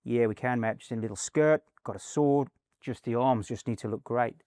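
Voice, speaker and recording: A man's voice: medium pitch, a little fast, a little mellow, natural voice. A man imitating a laid-back male Australian actor who drawls casually and keeps saying mate. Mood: offhand. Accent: Australian, put on.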